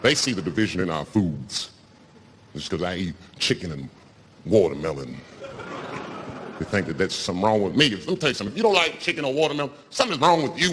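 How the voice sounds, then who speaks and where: A man doing a stand-up comedy routine on stage, telling stories in a loose, profane, animated way. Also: mid-range voice. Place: stage before a live audience. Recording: noisy live stand-up recording.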